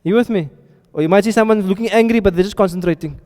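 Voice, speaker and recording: A man's voice: high-pitched, fast, a little mellow. A man teaching a classroom lesson, often stopping to ask his students questions and check they are following. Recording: reverberant hall sound.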